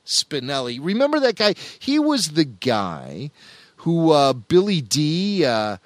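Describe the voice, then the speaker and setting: A man's voice: a little high, wildly swooping pitch, slow, no room sound. A man co-hosting a podcast in a playful, jokey casual chat, laughing often. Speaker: podcast co-host.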